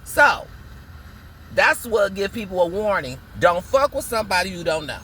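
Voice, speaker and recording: Sassy high-voiced man ranting. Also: very animated, pushed and bright, a little hiss or hum. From Muskegon, Michigan. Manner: sassy, dramatic, drawn-out emphasis. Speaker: vlogger. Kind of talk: casual vlog rant. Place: car, in a parked or moving vehicle.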